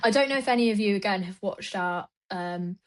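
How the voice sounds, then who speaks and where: A young woman co-hosting a podcast, chatting casually and excitedly, often laughing and acting out what others said. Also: medium pitch, fairly quick. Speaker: podcast co-host. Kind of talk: casual chat.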